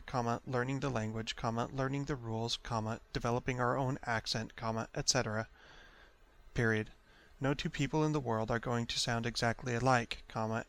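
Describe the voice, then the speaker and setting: A man dictating an article aloud in a careful, measured way, speaking each punctuation mark. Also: mid-range voice, a bit bright.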